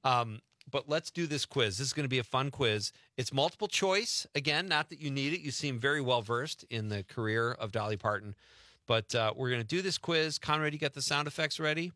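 A man's voice: mid-range voice, expressive, brisk, bright, forceful tone, dry recording, studio quality. Playful, laughing radio host man. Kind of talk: casual radio chat and quiz hosting.

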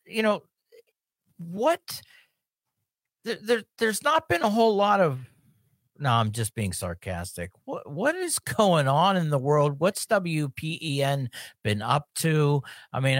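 A man's voice: medium pitch, dry recording, clean studio sound. A man hosting a talk podcast, chatting casually and joking, with frequent laughs. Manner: lively, joking, laughs often. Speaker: podcast host. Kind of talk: casual chat.

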